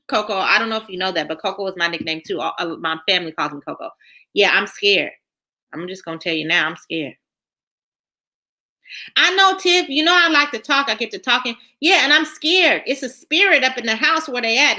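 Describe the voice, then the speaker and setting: A woman, hosting a casual livestream, reading viewers' comments aloud and chatting in a lively way, repeating herself often. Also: a little high. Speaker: channel host reading live chat.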